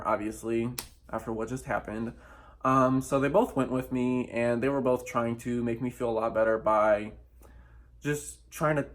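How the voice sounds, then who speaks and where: A young man telling a personal story in a vlog, candid and emphatic, swearing often and acting out what people said. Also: medium pitch. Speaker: vlogger.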